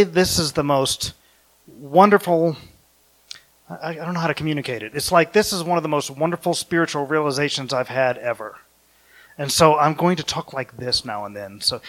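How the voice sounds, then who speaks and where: A man's voice: a little high, fairly bright tone. A man giving an informal sermon, rambling and correcting himself, chuckling now and then. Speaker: preacher.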